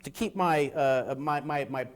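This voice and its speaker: A man giving an economics lecture, talking in an animated way and checking in with his listeners through rhetorical tag questions. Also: mid-range voice, unhurried. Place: lecture at a seminar event.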